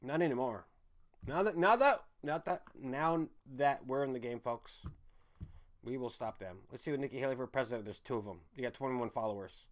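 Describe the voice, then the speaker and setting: A man rambles through a livestream, ranting in a voice of middling pitch. He stumbles and restarts his sentences often and calls his listeners folks. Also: moderate pace. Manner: addresses the audience as folks and guys. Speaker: online commentary host.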